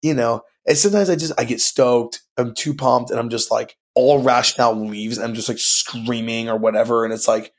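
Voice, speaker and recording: Young cali guy on a podcast, husky voice, says dude a lot, super chill and rambly. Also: mid-range voice, steady tone, fairly quick, few pauses. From California. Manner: laid-back slangy talk, lots of "dude" and "like". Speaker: guest, band singer. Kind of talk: casual podcast conversation.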